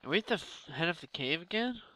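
A young man giving loud, exasperated Let's Play commentary with swearing outbursts. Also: on the high side, lively intonation, quick pace, dry recording. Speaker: gaming YouTuber.

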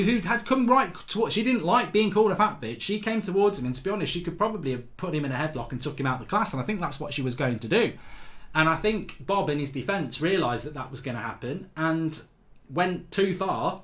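A man hosting his show, casually telling a school story to viewers and acting out loud quotes, then saying he feels fatigued. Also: a little high. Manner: animated anecdotes with loud acted-out quotes. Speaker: host.

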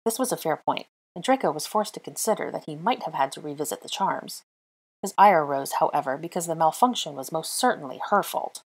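A woman reading fanfiction aloud with measured, expressive storybook narration. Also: sits low, slightly rough. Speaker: fanfiction reader.

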